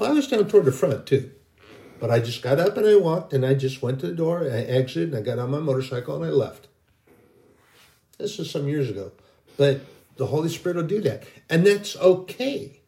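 A man's voice: on the high side, gravelly, mellow. A middle-aged man giving an informal, rambling sermon, earnest and full of restarts. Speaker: Christian video preacher.

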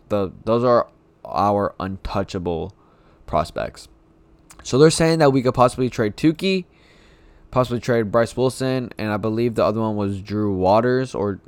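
A man's voice: on the low side, smooth, no room sound. A man talking casually on his own about his baseball team, rambling and repeating himself like a frustrated fan. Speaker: sports fan podcaster. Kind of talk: casual solo sports talk.

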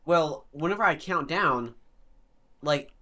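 Animated, bright-voiced young man hosting. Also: a little high, slow pace. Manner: rambling, laughing, animated. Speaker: podcast host. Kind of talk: casual chat.

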